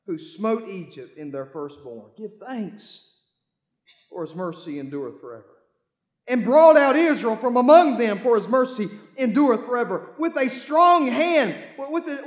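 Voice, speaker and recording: A man preaching a sermon, reading scripture aloud and calling his congregation to read along, with bursts of shouting. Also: very high-pitched, reverberant. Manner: call-and-response, urging the congregation to read along. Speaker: pastor.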